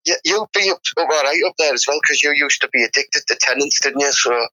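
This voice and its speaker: A Teesside man with a husky, fairly high voice, rambling bluntly in slangy comic banter. His tone is very bright and edgy, and the sound is dry and close. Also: quick pace, no echo, rough recording. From Teesside, England. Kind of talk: comic banter, improvised sketch.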